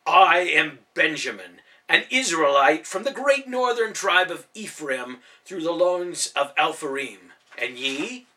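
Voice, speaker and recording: Man doing a loud ancient warrior, proud, quick-tempered, formal old speech, forceful tone, lively pitch. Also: distant mic.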